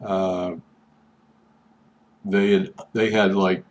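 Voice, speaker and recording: A man's voice: low-pitched, little pitch movement, extremely slow. An older man talking through a rambling personal vlog, chatty and meandering, often repeating himself. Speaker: vlogger.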